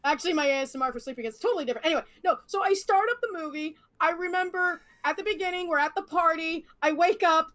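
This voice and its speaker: A woman chatting casually on a talk show, playful with quick asides. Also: extremely high pitch, fairly bright tone. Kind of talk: casual chat.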